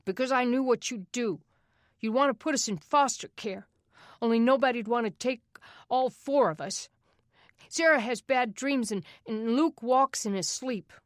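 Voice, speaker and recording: A woman's voice: medium pitch, expressive, measured pace, dry recording, studio quality, voice pushed up, close to an everyday voice. A woman voicing a proud, defensive teenage boy who looks after his younger siblings. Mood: upset, defiant.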